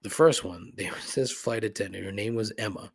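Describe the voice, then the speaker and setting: A man's voice: lowish voice, brisk, creaky. Profane middle-aged man griping. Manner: profane, rambling, griping, frequent laughs and asides. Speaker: podcast host. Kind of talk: casual comedic rant.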